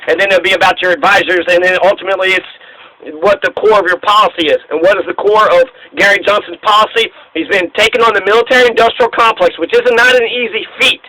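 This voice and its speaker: A man delivers a profane, sarcastic political rant in a high, sharp voice. He is angry and mocking, with curses spilling through, and the sound has a radio-like quality. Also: fairly even intonation, fast, poor audio. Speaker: political commentator. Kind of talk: profane ranting monologue.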